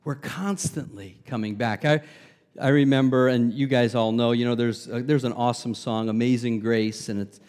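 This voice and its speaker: A middle-aged man from Long Island, New York, preaching a sermon as pastor. He stresses key words loudly, drops to soft asides and mixes in humor. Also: medium pitch, fairly even intonation, moderate pace. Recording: long hall reverb.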